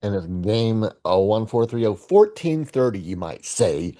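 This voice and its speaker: Man, 60s, solo host. Mellow tone, lively pitch, playful self-talk. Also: unhurried, hardly any pauses. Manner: playful, rambling, talks to himself. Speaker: game-playing video host. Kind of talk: casual solo commentary.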